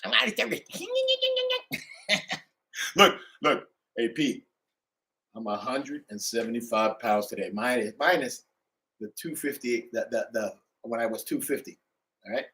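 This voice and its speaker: A middle-aged man delivering a profane, ranting monologue to his channel, swinging between loud outbursts and low mutters. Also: lively intonation, normal speed, gravelly. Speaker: channel host.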